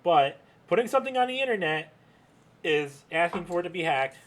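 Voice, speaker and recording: A man's voice: high voice, animated, fairly quick. A man co-hosting a casual podcast, chatty and joking, laughing often. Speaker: podcast co-host. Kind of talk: casual chat.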